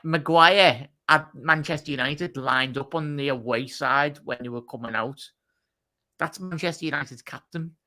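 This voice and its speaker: A man's voice: a little high, moderate pace, bright, forceful tone. A man as a guest on a football show, blunt and opinionated in casual chat. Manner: blunt, opinionated, says mate a lot.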